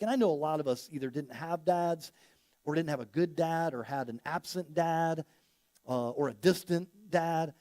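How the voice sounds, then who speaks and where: A man with a notably high voice preaches in a relaxed, conversational way, weaving a personal story into his sermon. He gets louder and more animated when acting out the people in his anecdotes. The sound is close and dry, with little room echo. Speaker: pastor.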